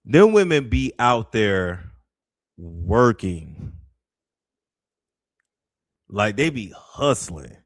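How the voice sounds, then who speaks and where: A man streaming casual commentary on travel clips, animated and chatty. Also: fairly low pitch, drawn-out words, pauses often, dry recording, clean studio sound. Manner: animated, drops to near whispers when imitating soft speech.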